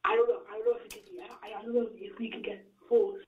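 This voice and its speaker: Hesitant congested caller on a distant phone line. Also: male voice, sits high, level tone, quick pace, reverberant, slight background noise. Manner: hesitant, stammering.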